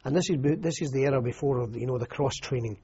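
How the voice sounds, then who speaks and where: An older Scottish man tells his old army stories in a loose, rambling way, often circling back with "you know." His voice is very husky and mellow, heard through a dull, muffled old recording. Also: medium pitch, fast. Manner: rambling, anecdotal, frequent restarts and "you know". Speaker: interviewee, army veteran. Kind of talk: oral history interview.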